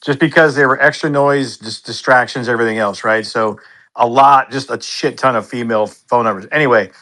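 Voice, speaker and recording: Brief: man, mid pitch, bright tone, relaxed sweary storyteller. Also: brisk. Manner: laid-back anecdote teller who swears freely. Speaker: participant in an online chat. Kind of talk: casual chat.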